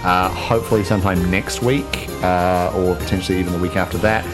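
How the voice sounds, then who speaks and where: A man's voice: low-pitched, fairly even intonation, brisk. A man hosting a podcast outro in a casual, rambling way with many fillers. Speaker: podcast host. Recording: clear music bed behind.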